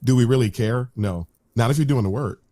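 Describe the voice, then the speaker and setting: A man's voice: medium pitch, a little fast, dark tone. A man speaking as a panelist in a casual online Q&A on a video call, blunt and matter-of-fact.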